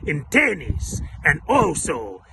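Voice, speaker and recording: A man's voice: fairly high pitch, huge pitch swings, slow pace, bright, forceful tone, heavily acted. A man playing a boastful Spanish card champion who hypes himself with showy cheers, recorded on a noisy outdoor phone video.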